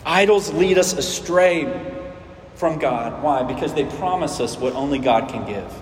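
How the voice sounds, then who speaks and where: A man's voice: fairly high pitch, animated, unhurried, roomy sound, in a large hall, a little hiss or hum. A man preaching a sermon as pastor, conversational, asking rhetorical questions and restarting phrases.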